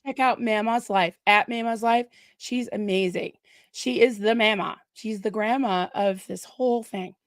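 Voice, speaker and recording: A woman's voice: mid-range voice, no echo, clean studio sound. A woman from Massachusetts co-hosting a livestream in a bubbly, laughing, casual chat. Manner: bubbly, laughing, quick asides. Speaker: co-host of a livestream.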